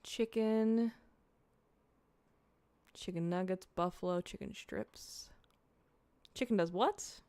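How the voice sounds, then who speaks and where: A woman's voice: mid-range voice, slow, long pauses, mellow, no room sound. A young woman streaming, chatting casually to her viewers while eating, rambling and swearing freely. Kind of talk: casual livestream chat, eating on camera.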